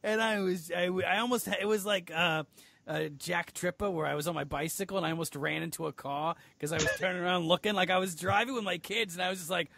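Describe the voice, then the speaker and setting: High, gravelly, excitable man. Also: fast, no echo. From Georgia, US. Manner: excitable, giggly storyteller with sudden high squeals. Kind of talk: improvised comedy chat.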